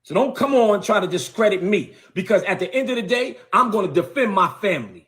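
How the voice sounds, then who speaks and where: A man's voice: high-pitched, lively intonation, fairly quick, fairly bright tone. A man, a bishop, delivering a heated, confrontational video rant and repeating words for emphasis.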